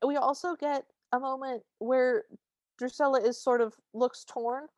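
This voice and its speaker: A woman's voice: a little high, darkish tone, no echo, studio quality. A woman co-hosting a podcast, wryly narrating film scenes in casual chat and laughing often. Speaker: podcast co-host.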